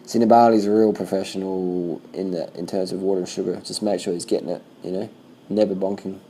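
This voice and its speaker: Gravelly low-voiced man, casual race chatter. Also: a little fast, a little hiss or hum, poor audio. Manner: swears freely, talks in loose animated bursts. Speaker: cycling vlogger commenting on race footage. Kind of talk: casual reaction commentary.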